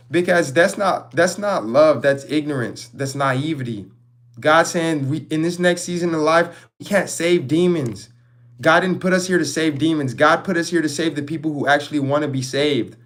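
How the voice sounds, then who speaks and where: A man giving a spiritual tarot reading to camera, emphatic and preachy, repeating phrases for effect and mixing in slang and swearing. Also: fairly high pitch. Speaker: tarot reader.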